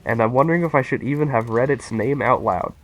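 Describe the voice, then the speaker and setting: A young man chatting casually and excitedly with his viewers while playing a game on a live stream. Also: mid-range voice, fast talker. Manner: excitable, rambling, talks to chat.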